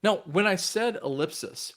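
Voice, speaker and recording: A man hosting his own channel, giving a rambling religious and political commentary monologue in an emphatic voice that jumps from loud bursts to near mutters. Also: sits high, animated, normal speed. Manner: addresses viewers directly as guys.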